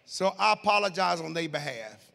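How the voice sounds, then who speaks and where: High gravelly preacher, lively. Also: male voice, moderate pace, long reverb tail. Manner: playful, laughing asides; builds to shouted preaching. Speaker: pastor. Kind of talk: sermon. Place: church sanctuary.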